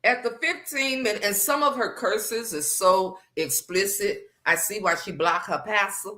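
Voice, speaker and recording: A woman's voice: medium pitch, a little slow, bright, forceful tone. Sassy gossiping woman host. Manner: sassy, gossipy, drawling commentary. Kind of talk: casual live-stream chat.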